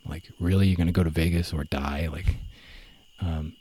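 A young man telling his story in a relaxed, rambling way, full of fillers and self-corrections. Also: low-pitched, normal speed, slight background noise. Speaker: guest. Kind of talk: casual conversational storytelling.

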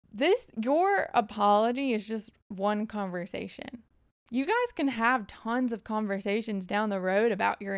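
A woman's voice: on the high side, clear, resonant tone, no echo, studio quality. A woman giving casual, direct advice and counting off numbered points in a frank way.

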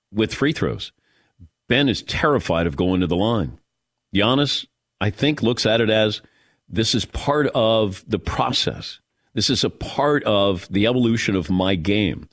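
A man's voice: medium pitch, no room sound, clean studio sound. A man hosting a sports radio show, casually talking basketball and teasing his co-hosts. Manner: lively, teasing, expressive. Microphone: studio microphone.

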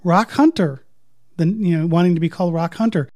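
A man's voice: high-pitched, brisk, a little mellow. A man co-hosting a podcast, making thoughtful points in a casual film discussion. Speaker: podcast co-host.

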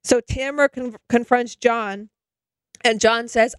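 Chatty, high-voiced woman retelling a show. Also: unhurried, clean tone, dry recording. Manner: animated storyteller, heavy use of "like". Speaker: podcast co-host. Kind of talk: casual chat, animated retelling.

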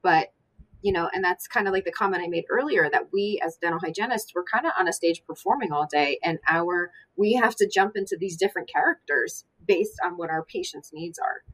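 A woman co-hosting a casual podcast, calmly explaining a point. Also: on the low side, brisk, low-quality recording. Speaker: dental hygienist podcast co-host. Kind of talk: casual chat.

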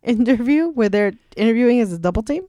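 A woman guest co-host in a casual podcast chat, telling an animated, profane story with frequent laughter on a close mic. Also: a little high, quick pace, no echo.

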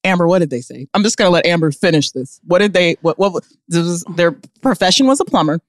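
A woman's voice: fairly low pitch, expressive, quick pace, dry recording, clean studio sound. A woman co-hosting a podcast in casual chat, blunt and exasperated, laughing often. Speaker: podcast co-host.

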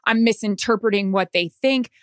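Anxious animated woman telling a story. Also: medium pitch, fairly quick, clean tone, dry recording, clean studio sound. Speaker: sideline reporter. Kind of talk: casual chat.

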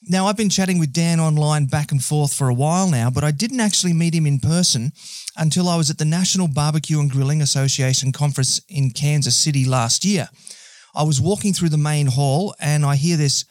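A man's voice: on the high side, fairly quick, dry recording, studio quality. An Australian man hosting a podcast, talking in an upbeat, chatty way with friendly banter. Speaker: podcast host. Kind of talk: casual podcast chat.

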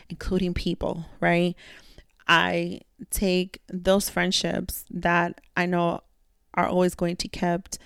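This is a woman talking through a solo podcast episode in a relaxed, heartfelt way, mixing slang and the odd curse. Her voice sits a little low with a gravelly texture. The sound is close and dry. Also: dry recording. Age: adult, a mother. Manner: candid, reflective, slangy with profanity. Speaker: podcast host; mentor to young women. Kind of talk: casual solo podcast monologue.

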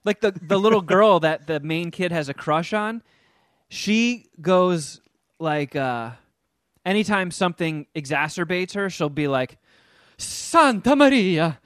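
A man in casual podcast chat, recapping a film with lively, animated delivery. His voice sits a little high for a man. The sound is dry and close, with no room around it. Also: unhurried, no room sound. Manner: animated storyteller, hams up silly voices for the characters he describes. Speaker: podcast co-host reviewing a film.

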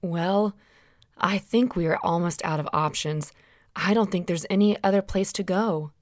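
A woman's voice: fairly low pitch, moderate pace, dry recording, close to an everyday voice. Joseph, a weary young husband from a children's storybook, speaks politely and a little hesitantly, as a woman puts him on. The sound is dry and close.

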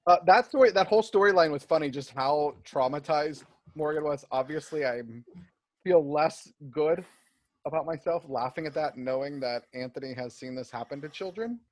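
Man cracking jokes on a podcast. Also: a little high. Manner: joking, quick asides. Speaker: podcast co-host. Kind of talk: casual chat.

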